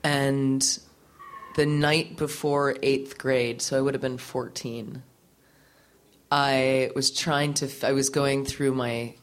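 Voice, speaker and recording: A woman's voice: a bass voice, takes it slowly. A woman musician as an interview guest, telling a candid story from her teens with frequent laughs, casual swearing and lots of fillers. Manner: animated, laughing often, swearing freely, many fillers.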